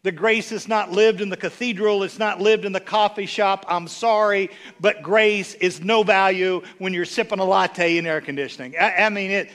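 A man with a high, bright, ringing voice preaches with a drawl. He rambles through funny stories, then punches his points home in loud, rising bursts. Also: steady tone, normal speed, few pauses. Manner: folksy, humorous storytelling with rising emphatic bursts. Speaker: bishop preaching. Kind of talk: sermon.

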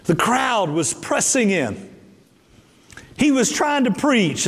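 A man preaching a sermon as a bishop, emphatic and repetitive, leaping up and down in pitch for effect. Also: in a large hall.

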